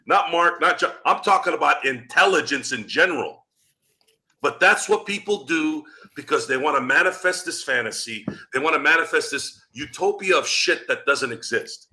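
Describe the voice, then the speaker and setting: A man with a very bright, forceful voice tears into his team in a profane postgame rant. He fires off rhetorical questions as a fan-show host. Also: on the high side. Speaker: podcast host.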